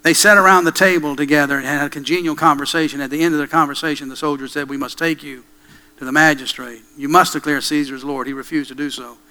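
A male preacher telling a dramatic story in a sermon, with hushed pauses and slow, emphatic repetition. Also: fairly high pitch, fairly even intonation, poor audio.

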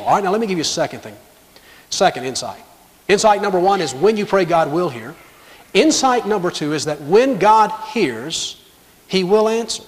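Emphatic high-voiced preacher in a reverberant hall. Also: male voice. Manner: emphatic preaching that acts out imagined objections and God's replies. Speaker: pastor. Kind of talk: sermon.

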